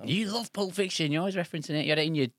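A man's voice: fairly high pitch, very fast, fairly bright tone, no echo. A man on a podcast, teasing his friends wryly. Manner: wry, teasing. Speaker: podcast co-host. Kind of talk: casual banter.

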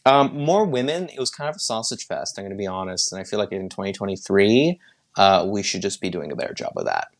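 A man, a comedian guest, talking in a deadpan, teasing way on a podcast. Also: low-pitched, fast talker, gravelly. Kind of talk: casual podcast chat.

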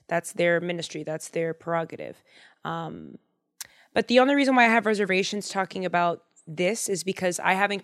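Young woman host, chatty and slangy, bible story chat, acts out the people. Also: on the low side. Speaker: podcast host.

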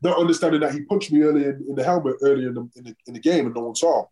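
A man's voice: mid-range voice, rapid-fire, dark tone. A man, a former football player and podcast guest, telling a story in casual chat and acting out the exchanges he quotes.

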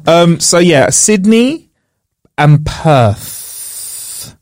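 A British man co-hosting a comedy podcast, bantering in a loose, jokey way. His voice sits a little high. The sound is dry and close, with no room around it. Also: sing-song, extremely slow, darkish tone, no room sound. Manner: jokey, laughs often, does silly voices. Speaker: podcast co-host. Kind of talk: casual comedic chat.

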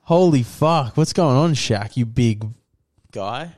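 A young man co-hosting a podcast in casual chat, quick to laugh and swearing often. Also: medium pitch, animated, very noisy. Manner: laughs easily, swears a lot. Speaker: podcast co-host.

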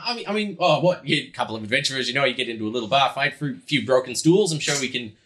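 A man voicing a frantic male innkeeper who shrieks and curses in a high, strained voice. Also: animated, very fast, fairly bright tone, natural voice. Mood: flustered. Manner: shrieking, cursing, high-pitched.

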